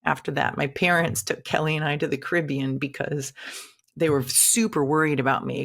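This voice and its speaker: A woman's voice: low-pitched, creaky. A woman telling a personal story in a candid, conversational way, acting out quoted lines dramatically. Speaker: shaman and teacher.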